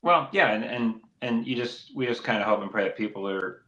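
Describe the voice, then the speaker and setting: A man co-hosting a casual faith podcast talks earnestly and at length, bursting into sudden energy when acting out critics. His voice is fairly low and a little fast, recorded lo-fi with a roomy echo.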